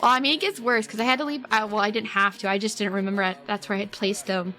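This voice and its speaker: A woman's voice: mid-range voice, steady tone, fast, sharp tone. A young woman streaming, telling a long family story in a rambling, giggly way, peppering every phrase with "like". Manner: rambling, giggly, heavy use of "like". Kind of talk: casual storytelling to a live chat.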